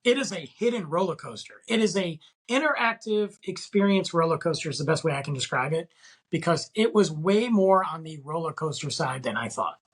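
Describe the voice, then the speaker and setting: A man's voice: on the high side, expressive, brisk, husky, low-quality recording. A middle-aged man hosting a casual solo podcast, telling a story in a rambling way with lots of fillers. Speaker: podcast host.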